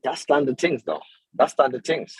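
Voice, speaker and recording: A man from boasting loudly in casual podcast banter, full of slang. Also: medium pitch, expressive, normal speed, slightly rough, dry recording, rough recording. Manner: brash and boastful, mixes in slang.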